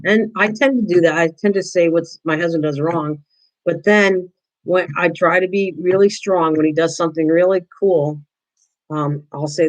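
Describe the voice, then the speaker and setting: Crafting on a livestream, a chatty older woman speaks in a lowish, steady voice at normal speed, answering viewers by name. She frequently restarts what she's saying, and the audio is poor.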